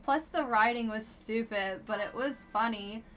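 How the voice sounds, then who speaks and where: A woman's voice: fairly high pitch, a little slow, fairly bright tone, a little hiss or hum. A woman streamer casually commenting on a dating game she plays live, with a blunt, wry and chatty manner.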